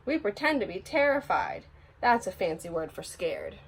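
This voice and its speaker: Expressive woman reading a picture book. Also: mid-range voice, moderate pace, husky. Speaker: storybook reader.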